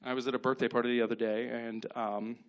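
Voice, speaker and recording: A man in his thirties doing stand-up on a club stage, telling deadpan stories and acting out short quotes. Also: medium pitch. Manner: deadpan storytelling with quick acted-out quotes. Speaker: stand-up comedian. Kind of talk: stand-up set.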